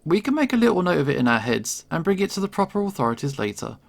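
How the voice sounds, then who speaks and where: A man's voice: on the high side, very animated, creaky, pitched above the performer's own voice, exaggerated voice. A man reading a curt, sensible young woman. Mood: stern. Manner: curt, measured. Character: calm, stern young woman, practical.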